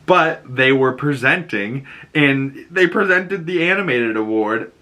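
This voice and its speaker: A man hosting a casual pop-culture chat, excitable and rambling, with lots of "like" and "you know". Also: mid-range voice, unhurried. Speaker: podcast host.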